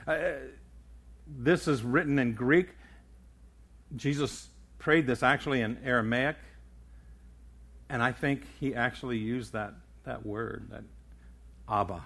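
An older man delivering a sermon from the pulpit in an earnest, teaching manner. His voice sits in an ordinary middle pitch, and he often trips over words and restarts them before pressing on. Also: measured pace, a bit bright. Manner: earnest preaching with frequent stammered restarts. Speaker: pastor.

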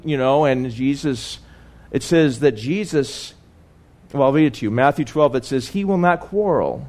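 A man preaching a conversational sermon. He often repeats words and asks "right?", and drops his voice low and soft on key points. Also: expressive, moderate pace.

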